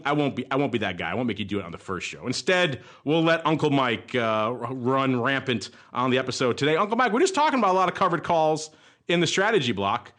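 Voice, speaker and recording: A man's voice: mid-range voice, a bit bright. A man hosting a podcast segment, chatty and jokey as he introduces it. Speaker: podcast host.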